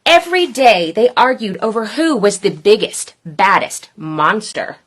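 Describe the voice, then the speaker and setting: A woman reading a children's picture book aloud in a playful, expressive way. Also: mid-range voice. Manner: playful, expressive, slow and deliberate. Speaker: storyteller.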